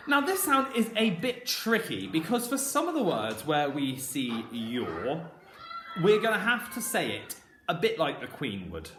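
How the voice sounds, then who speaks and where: Lively man teaching phonics to children. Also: on the high side, a little slow, noisy background. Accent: southern English. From southern England. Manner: lively, sing-song teaching voice with playful asides. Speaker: primary school teacher. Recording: echoey room with faint ambience.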